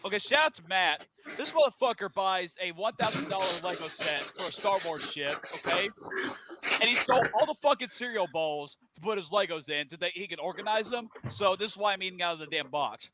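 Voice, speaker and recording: A man in a casual group podcast, telling stories deadpan with plenty of swearing. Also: high-pitched, brisk, very noisy.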